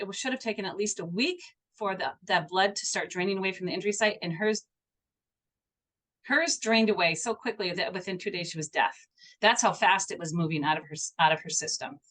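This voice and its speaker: This middle-aged woman speaks as a guest homeopath in a podcast interview. Her voice sits at an ordinary pitch. She tells stories earnestly and animatedly, often stopping to restart a phrase. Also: fairly quick, a bit bright.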